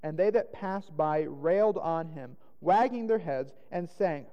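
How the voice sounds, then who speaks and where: A man's voice: a little high, expressive, a little slow, few pauses, lo-fi sound. A man giving a dramatic reading of scripture, lifting his voice for the quoted lines. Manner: dramatic, rising to loud exclaims on quoted lines. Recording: long hall reverb.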